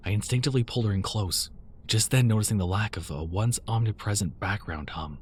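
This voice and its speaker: A man narrating a first-person horror story in a tense, measured way. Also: fairly low pitch, slight background noise.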